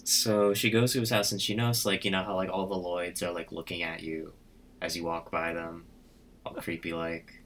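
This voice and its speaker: A man's voice: low-pitched, little pitch movement, normal speed, fairly bright tone, slight background noise. A man casually retelling a story idea to friends, rambling and full of "like" as he acts out the characters' lines. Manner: rambling, full of "like" and quoted voices.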